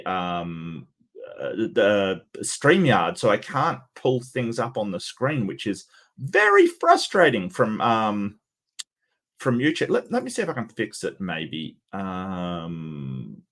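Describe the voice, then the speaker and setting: A man hosting a livestream, giving casual sarcastic commentary with many halting restarts. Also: on the low side, a bit bright. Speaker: livestream host.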